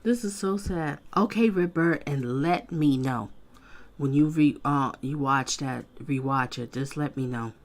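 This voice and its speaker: A woman's voice: low voice, a little slow. Woman host, casual emotional commentary, talks to her chat. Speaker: livestream host reacting to trial footage.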